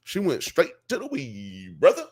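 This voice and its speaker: A man from Alabama, co-hosting a casual TV review chat in an animated, profane way. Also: on the high side, unhurried, husky. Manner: animated, profane, acts out characters. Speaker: podcast co-host.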